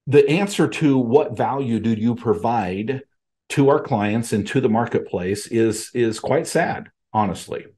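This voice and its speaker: A man's voice: mid-range voice, dark tone. A man hosting a podcast from his home office, giving an emphatic monologue and speaking straight to his listeners as folks and friends. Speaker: podcast host.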